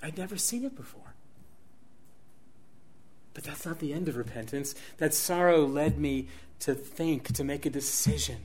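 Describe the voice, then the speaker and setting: A middle-aged man preaches a sermon in a somewhat high-pitched voice. He drops to breathy near-whispers for intimate moments, then climbs to loud, emphatic peaks. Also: expressive, moderate pace, long pauses.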